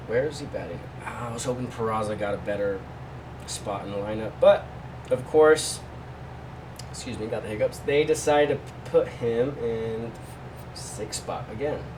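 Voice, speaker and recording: A man's voice: medium pitch, normal speed, long pauses, distant mic, background noise. A man hosting a casual betting picks vlog, talking loosely with jokey asides to his viewers. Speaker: sports betting host.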